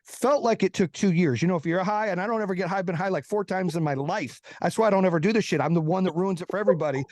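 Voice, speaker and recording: A man's voice: high-pitched, a little mellow, no room sound, clean studio sound. A man, a podcast guest, tells a long personal story in casual, profane talk and acts out the quotes of the people in it. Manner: profane, fast-moving anecdote with acted-out quotes.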